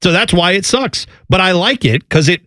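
A high-pitched man co-hosts a podcast, rambling animatedly through a casual chat at a moderate pace. The recording is dry and studio quality.

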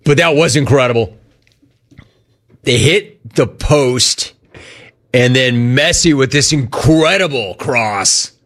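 A man hosting a sports talk show, riffing and joking with animated energy. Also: medium pitch, slow, pauses often. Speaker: sports radio host.

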